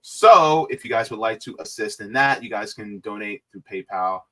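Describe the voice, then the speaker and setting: A man's voice: lowish voice, expressive, normal speed, a bit bright. A man hosting a casual livestream, talking to viewers in a loose, rambling way with plenty of fillers. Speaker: livestream host.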